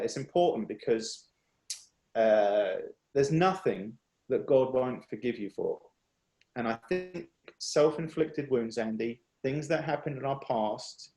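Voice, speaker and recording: A man giving an earnest, confessional personal testimony over a video call, halting and restarting as he speaks. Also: medium pitch, darkish tone, reverberant, rough recording. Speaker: speaker at a worship workshop.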